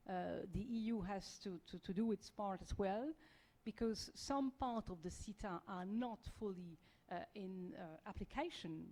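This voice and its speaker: A woman's voice: medium pitch, warm tone, rough recording. A woman with a French accent speaking as an EU diplomat on a panel, hesitant, with many fillers and restarts. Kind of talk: panel discussion.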